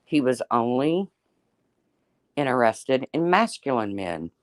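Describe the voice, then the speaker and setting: A woman's voice: rumbling low, very animated, slow pace, no echo. A woman hosting a casual livestream, chatting and teasing as she answers viewers by name. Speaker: livestream host. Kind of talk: casual livestream chat reading viewer comments.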